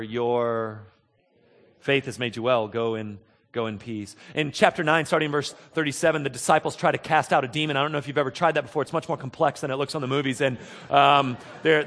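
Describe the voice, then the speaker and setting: A pastor preaching a conversational sermon, acting out the dialogue of the scripture stories with frequent restarts. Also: male voice, a little high, a bit bright, big-room sound. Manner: conversational, acts out dialogue, repeats words.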